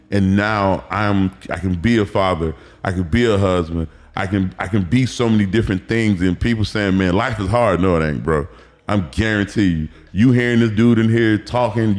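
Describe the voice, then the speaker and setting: Animated storytelling man, low voice. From Miami, Florida. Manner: animated storytelling, acts out quotes, profane. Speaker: guest, former football player. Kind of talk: casual podcast interview.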